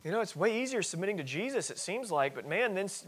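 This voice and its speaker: Earnest preaching man, loud to hushed. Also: high voice, big pitch swings, fast, husky. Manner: earnest, swings between loud emphasis and soft asides. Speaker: pastor. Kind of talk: sermon. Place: church sanctuary.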